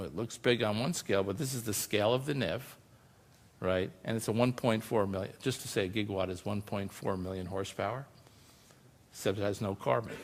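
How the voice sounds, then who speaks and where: A man giving a conversational public talk as a scientist, explaining informally and often tossing in asides to the audience. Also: lowish voice. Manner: explains informally, often adds "you know" and "right?". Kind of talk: conversational presentation. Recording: long hall reverb.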